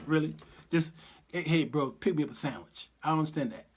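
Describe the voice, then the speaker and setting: Animated preachy man on a livestream. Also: a little high, quick pace, husky. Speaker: host and Bible teacher. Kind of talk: livestream commentary.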